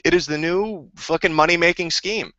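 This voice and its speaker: On a casual live stream, a man answers viewer questions in a rambling, profane, combative rant. His voice is a little high and sharp at a moderate pace, with dull lo-fi dry audio and no room sound.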